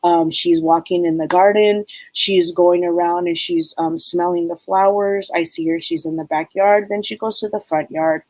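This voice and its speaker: A woman giving a live spirit reading as a psychic medium, rambling and halting with many fillers. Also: on the low side, steady tone, a little mellow, dry recording, low-quality recording.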